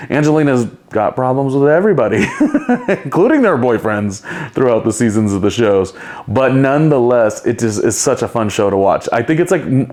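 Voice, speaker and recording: A man's voice: mid-range voice, a little mellow. A man hosting a solo podcast, talking in a chatty, rambling way and laughing often. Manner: chatty and rambling, with playful impressions and frequent laughs. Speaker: podcast host. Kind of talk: casual solo commentary.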